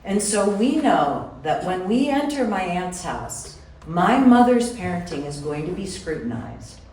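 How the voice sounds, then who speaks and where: A woman telling a personal story to a live audience in a lively, chatty way, often speaking to the crowd directly. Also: lowish voice, a little slow. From Wisconsin. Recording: roomy hall from far off, faint room noise.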